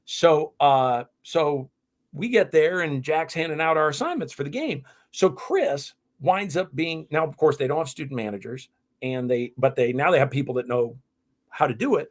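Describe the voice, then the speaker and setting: Man telling animated stories, slightly high. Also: normal speed. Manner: animated, lively anecdotes with restarts. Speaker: podcast guest. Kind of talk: storytelling in a casual interview.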